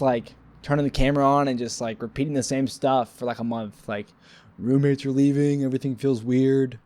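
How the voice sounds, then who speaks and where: A drowsy man talks to his camera in a loose, meandering vlog, cracking himself up with nonsense word chains. His voice sits in an ordinary middle pitch and sounds close and dry, with no room around it. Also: a little mellow, no echo. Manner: rambling, goofy, self-mocking, wordplay. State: sleepy, yawning. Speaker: vlogger. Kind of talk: rambling solo vlog to camera.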